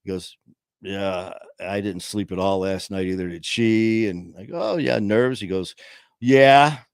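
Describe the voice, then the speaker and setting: Male livestream co-host, low-pitched, dry close sound, animated storyteller. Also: a little slow, clear, resonant tone, no room sound. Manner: animated, acts out quotes in a raised voice. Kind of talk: casual storytelling chat.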